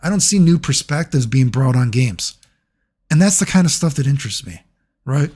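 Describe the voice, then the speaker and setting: A man's voice: mid-range voice, lively intonation, normal speed, darkish tone. A man speaking as a gaming YouTuber in casual commentary, rambling and sarcastic, swearing freely.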